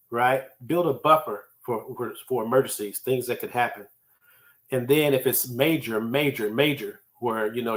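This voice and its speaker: A man hosting a solo motivational talk on time management, conversational and emphatic, repeating key phrases for effect. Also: mid-range voice. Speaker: podcast host teaching time management.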